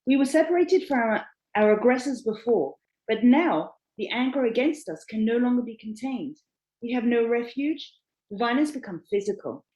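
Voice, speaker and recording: Woman, moderator, reading prepared account, expressive emphasis, lively pitch, echoey room. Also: moderate pace. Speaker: panel moderator recounting a personal account.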